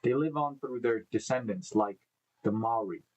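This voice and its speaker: A host with a mid-range, slightly mellow voice reads news stories aloud at a moderate pace during a casual live stream. Set indoors among live beehives, he fumbles names and stops to think aloud, on a rough recording.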